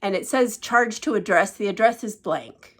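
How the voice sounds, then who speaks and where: A woman's voice: medium pitch, moderate pace. Gushing woman showing off stitching gifts. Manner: gushing, emotional, often hushed and breathy with delight. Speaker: cross-stitch vlogger. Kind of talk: casual show-and-tell vlog.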